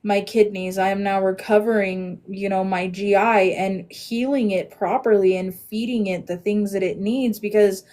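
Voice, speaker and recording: A woman's voice: mid-range voice, steady tone, moderate pace, hardly any pauses. Earnest woman hosting a reflective chat. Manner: earnest, reflective, trailing off softly. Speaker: podcast host. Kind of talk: casual chat.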